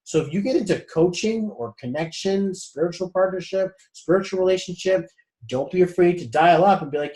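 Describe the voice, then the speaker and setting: A man with a somewhat high voice coaches a group in a loose, conversational way. He swears now and then and keeps talking straight to the group as guys. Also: fairly quick, darkish tone. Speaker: spiritual coach leading a group session. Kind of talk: casual group coaching talk.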